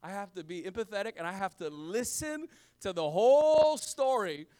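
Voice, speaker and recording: A middle-aged man, a pastor, giving a sermon in a casual style with slang, swinging between loud emphasis and hushed, low lines. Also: lively intonation, moderate pace, clear, resonant tone.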